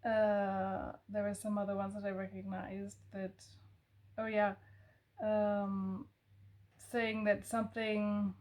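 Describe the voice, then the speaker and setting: Slow, musing woman recommending a book. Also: medium pitch, flat delivery, a little mellow. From American South family. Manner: thoughtful, musing, with fillers and self-corrections. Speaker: book reviewer. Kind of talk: casual book recommendation talk.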